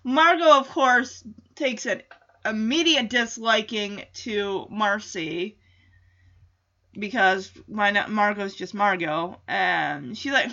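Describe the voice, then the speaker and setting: A woman's voice: mid-range voice, takes it slowly, pushed and bright, muffled recording. A woman casually recapping a TV episode in a chatty way, with frequent laughs and filler words.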